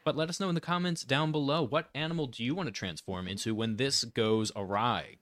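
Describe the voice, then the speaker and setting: A man's voice: medium pitch, a little fast, a bit bright, dry recording. A man co-hosting a casual chat show, reading facts aloud with playful emphasis. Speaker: co-host.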